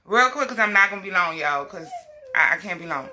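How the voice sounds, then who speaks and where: A woman's voice: medium pitch, animated, brisk, bright, forceful tone, a little hiss or hum. A young woman talking on a casual livestream, preaching self-worth to women with emphatic, fired-up delivery and scolding asides to her little girl. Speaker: health advocate vlogger.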